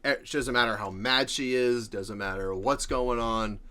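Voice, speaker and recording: Speaking at normal speed in a medium-pitched, fairly even, bright and forceful voice, a middle-aged reaction channel host talks earnestly about family. His casual commentary turns into heartfelt ranting.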